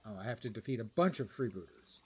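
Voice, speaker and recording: A man's voice: on the low side, animated, fast, slight background noise. An older man streaming a game, giving wry, joking commentary and reading quest text aloud. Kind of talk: casual gameplay commentary.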